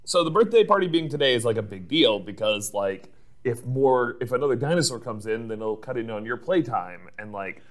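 A man's voice: mid-range voice, expressive. A man co-hosting a podcast, recapping in casual chat with frequent laughs and fillers. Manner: chatty recapping, quick laughs, many fillers.

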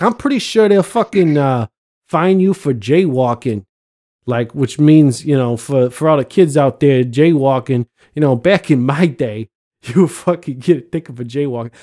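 A man's voice: fairly high pitch, a little mellow. Rambling, joking male podcast host. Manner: rambling, joking, profane, many fillers. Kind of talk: casual chat. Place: home, living abroad. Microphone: computer microphone.

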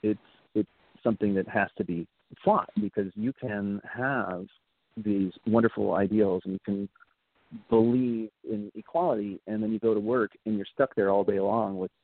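A thoughtful man talks as a guest, measured and steady, with a few fillers. His voice sits somewhat low. The line is thin and phone-like, with a dry room. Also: no echo. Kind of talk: casual chat.

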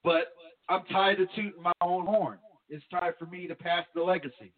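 A man's voice: high-pitched, moderate pace. A man from New Jersey, a pastor, talking candidly and reflectively in a casual talk show chat. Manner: candid, reflective, animated when quoting his wife. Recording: tinny phone line.

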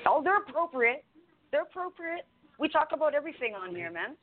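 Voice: sits high, sing-song, brisk, slight background noise. A radio host speaking bluntly and reassuringly in casual talk, repeating phrases. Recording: tinny phone line.

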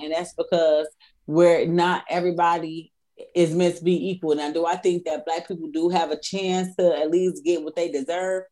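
A woman's voice: fairly low pitch, dark tone. A woman co-hosting a podcast, giving her opinion in an earnest way in casual group chat. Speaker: podcast co-host.

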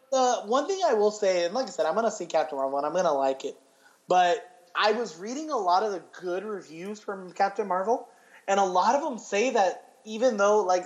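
High-voiced guy ranting about movies, cussing a lot, kinda muffled lo-fi sound. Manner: rambling, swears a lot, restarts often. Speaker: podcast co-host. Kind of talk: casual chat.

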